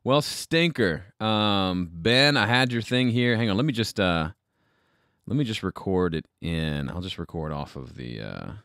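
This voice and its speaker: A man with a very low, smooth voice hosts a casual livestream from his home studio. He thinks aloud as he works, rambling and poking fun at himself. The sound is dry and close. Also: expressive, unhurried, fairly bright tone, no echo. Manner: rambling, self-deprecating, thinks aloud while troubleshooting. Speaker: livestream host.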